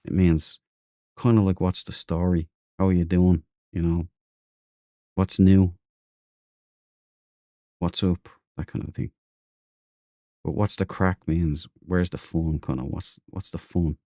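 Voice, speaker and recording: Low-voiced Irish man chatting while streaming. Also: flat delivery, slow pace, pauses often, dark tone, no echo. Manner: rambling and chatty, with a slangy aside now and then. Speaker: game streamer. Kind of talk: casual live-stream chat.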